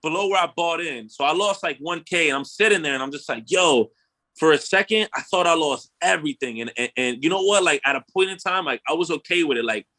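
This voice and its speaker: Casting: young male podcast host, high and bright, animated slangy storyteller who swears freely. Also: fast. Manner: animated storyteller, slangy, swears, acts out his own quotes. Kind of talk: casual storytelling chat.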